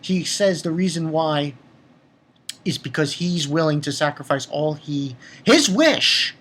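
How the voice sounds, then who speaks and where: A man talks through an anime episode in a loose, casual review. He speaks at a slow, drawn-out pace and gets worked up, swearing and tripping over his words as he restarts sentences. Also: on the high side, lively intonation, a bit bright. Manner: emotional, profane, stammering restarts.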